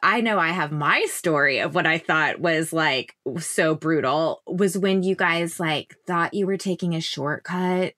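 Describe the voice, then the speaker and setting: A woman's voice: low-pitched, a little slow, few pauses, pushed and bright. A woman hosting a podcast interview, chatty and enthusiastic, laughing often. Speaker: podcast host. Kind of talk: casual interview chat.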